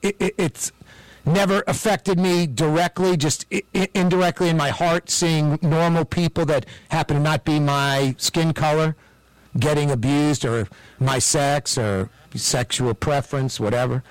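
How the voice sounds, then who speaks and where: A man's voice: fairly high pitch, steady tone, measured pace, no room sound, poor audio. A man hosting a casual chat, rambling and musing as he talks, aware of how his words come across.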